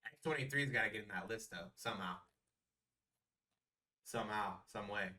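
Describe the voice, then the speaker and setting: A young man co-hosting a casual podcast, animated and slangy, repeating himself for emphasis. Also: lowish voice, moderate pace, recorded from a distance. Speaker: podcast co-host.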